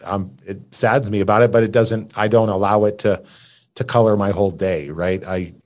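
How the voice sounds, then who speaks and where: A man with a fairly low voice hosting a casual talk show. He is plain-spoken and encouraging, letting an occasional swear word slip. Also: fairly even intonation, a little fast, a little mellow. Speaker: podcast host. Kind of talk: casual conversation.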